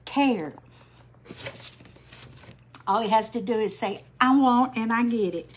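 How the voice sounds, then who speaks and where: An older woman, chatting slowly on a craft livestream, greeting viewers by name while she paints. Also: on the high side, a little hiss or hum. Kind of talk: casual live-stream chat while painting.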